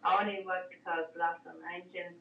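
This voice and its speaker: A woman's voice: on the low side, little pitch movement, moderate pace, creaky, reverberant, slight background noise. Irish woman on a distant, dull line. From Ireland. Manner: rambling storyteller, many fillers. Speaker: guest. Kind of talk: casual chat on a call-in show.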